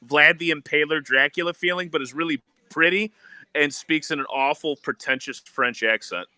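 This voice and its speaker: A man in casual, animated chat about tabletop games, laughing often and swearing freely. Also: fairly high pitch, normal speed, clear, resonant tone, no room sound.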